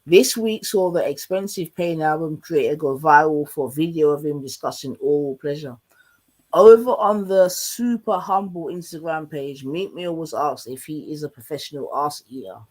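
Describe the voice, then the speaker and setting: A man's voice: a little high, expressive, normal speed, poor audio. A man hosting a casual live stream, joking and reading aloud in loose slang. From London. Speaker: livestream host.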